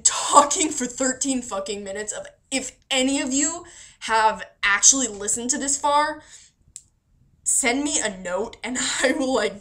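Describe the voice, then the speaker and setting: A woman's voice: mid-range voice, fairly bright tone. A woman from Florida talking casually through a questionnaire, chatty and self-deprecating, laughing often and swearing now and then. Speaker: vlogger answering a voice meme questionnaire. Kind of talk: casual rambling monologue.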